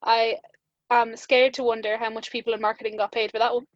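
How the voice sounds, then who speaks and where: A young Irish woman tells rambling anecdotes in a relaxed chat, her voice sitting fairly high. The sound is dry with no room at all. It is slightly dull and lo-fi, as if from a cheap mic. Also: a little fast, no room sound. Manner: chatty storyteller with frequent laughs and "like" fillers. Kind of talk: casual chat.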